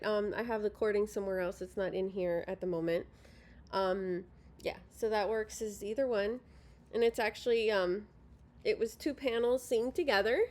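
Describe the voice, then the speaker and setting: Chatty woman showing her crafts. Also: a little high. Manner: rambling, many ums and self-corrections. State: yawning, sleepy. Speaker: crafting vlogger. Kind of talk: casual show-and-tell. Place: at home by a sofa.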